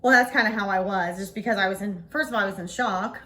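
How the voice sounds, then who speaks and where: A woman in her forties telling a story to camera in a casual vlog, blunt and animated, swearing freely. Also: mid-range voice, fast talker. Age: 40s. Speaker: vlogger.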